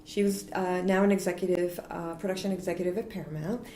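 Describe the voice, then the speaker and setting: A woman's voice: fairly low pitch, fast, a little hiss or hum. A woman in her forties telling stories from her career as an interview guest, laughing often and acting out what people said. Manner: animated, laughing, acts out quotes. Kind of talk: casual interview storytelling. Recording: roomy echo.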